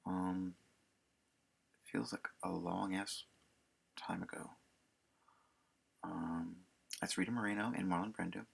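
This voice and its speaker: A man streamer casually introducing a session, rambling with many pauses. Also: low voice, gravelly, fairly bright tone, husky. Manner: rambling, full of fillers and restarts. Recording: guitar music under the voice.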